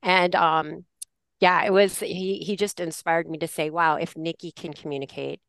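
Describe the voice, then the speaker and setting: Animated woman storyteller, dry close sound. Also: on the low side, moderate pace, gravelly, no room sound. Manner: animated storyteller, acts out quoted lines; laughs often while talking. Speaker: special education teacher. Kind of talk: anecdotal podcast conversation.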